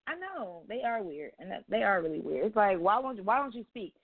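A woman co-hosting a podcast tells stories bluntly and casually, with plenty of profanity. Her mid-range voice is very animated and a little fast, with no room sound. It's a casual chat heard over a phone call, so the audio is tinny.

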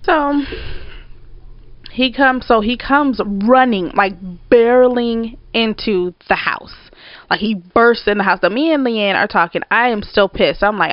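A woman's voice: on the high side, a little slow, no room sound. Woman retelling a story bluntly, dry sound. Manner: blunt, profane, animated retelling. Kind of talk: casual storytelling chat. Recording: dry, slightly dull recording.

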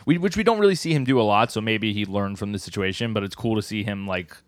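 A man with a lowish voice chats through a comic recap, leaning on fillers. He keeps slipping into brief, higher character voices for the quotes. The sound is dry and close to the mic. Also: dry recording. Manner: retells scenes, acting out character lines in quick voices; frequent fillers like "like" and "uh". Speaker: podcast co-host. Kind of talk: casual manga recap chat.

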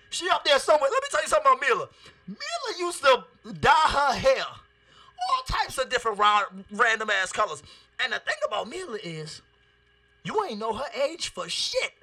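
High, bright-voiced man ranting casually. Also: moderate pace. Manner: profane, rambling, animated storytelling. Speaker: podcast host. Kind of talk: casual monologue.

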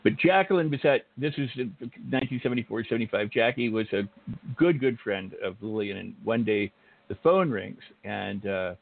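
An older male host chats in a loose, rambling way with many restarts. His voice has a gravelly edge. The audio is narrow and phone-like. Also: on the low side, animated, moderate pace, no echo. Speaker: interview host. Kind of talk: casual interview chat.

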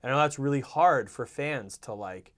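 A man co-hosting a casual chat, talking in an animated, joking way and acting out voices in his stories. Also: medium pitch, moderate pace. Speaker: podcast co-host.

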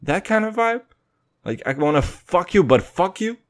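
A man's voice: sits high, big pitch swings, moderate pace. Young guy rambling on his podcast, swears a ton, voice jumps all over the place. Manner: rambling, swearing, jumps between loud and quiet, mock voices and singing. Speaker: podcast host. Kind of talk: casual profane monologue.

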